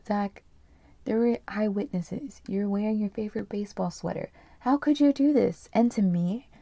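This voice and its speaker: A woman's voice: medium pitch, steady tone, normal speed, creaky, mellow, no room sound. A woman reading the lines of a firm, fed-up wife refusing her husband's calls.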